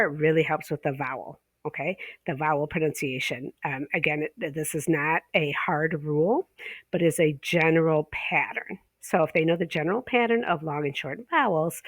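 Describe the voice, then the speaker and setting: Low-pitched woman, ESL pronunciation instructor, casual teaching talk, dry close sound. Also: dry recording. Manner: casual, fillers, drawn-out example words.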